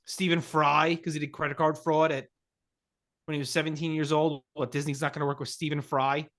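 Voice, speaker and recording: A man's voice: on the high side, little pitch movement, a little fast, fairly bright tone. A man co-hosting a podcast in casual chat, making snarky, profane jokes. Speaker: podcast co-host.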